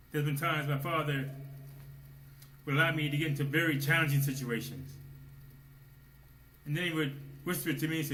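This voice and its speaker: A man preaching a sermon, swinging between hushed low asides and loud exclamations, at times speaking as God in the first person. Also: moderate pace, long pauses. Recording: echoey room with faint noise.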